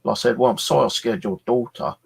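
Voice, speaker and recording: A middle-aged man hosting his channel, telling an animated story from his flat with some swearing and acted-out exchanges. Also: medium pitch, fast, creaky, breathy edge. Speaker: channel host. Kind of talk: casual storytelling chat.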